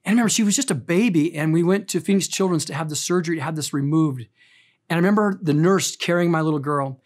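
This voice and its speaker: With earnest emphasis, a middle-aged man preaching as a pastor tells stories that intensify and then ease into quiet tenderness. His voice is on the high side.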